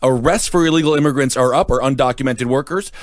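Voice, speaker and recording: A man's voice: medium pitch, fast talker, no room sound. A man co-hosting a podcast, chatting casually with wry jokes and some trailing fillers, on a dry close mic. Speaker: podcast co-host.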